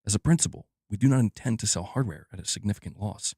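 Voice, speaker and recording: A man putting on a formal corporate executive, speaking in a slow, careful, hushed manner. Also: on the low side, breathy edge, dry recording, studio quality, voice pushed down. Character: middle-aged male corporate executive, measured and formal.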